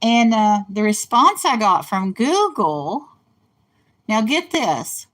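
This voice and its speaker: A woman's voice: a little high, very animated, takes it slowly, fairly bright tone. An older woman from West Virginia with a slight accent, rambling through casual stories as a show host. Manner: rambling storyteller, laughs at own stories. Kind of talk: casual monologue. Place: in a car.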